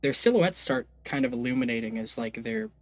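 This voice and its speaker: A man's voice: mid-range voice, expressive, fairly quick, darkish tone, dry recording. A man narrating a tabletop game as game master, hesitant and loose, with lots of fillers and the odd swear.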